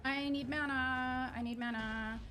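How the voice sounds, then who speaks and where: A woman's voice: high voice, steady tone, unhurried, noisy background. A woman streaming a game live, chatting to viewers and shrieking and swearing when things go wrong. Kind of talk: live gameplay commentary.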